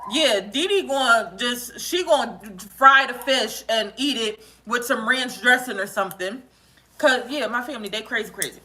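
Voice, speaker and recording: A woman telling an exaggerated, comedic story in casual chat, animated and often laughing as she talks. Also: fairly high pitch, moderate pace, a little hiss or hum.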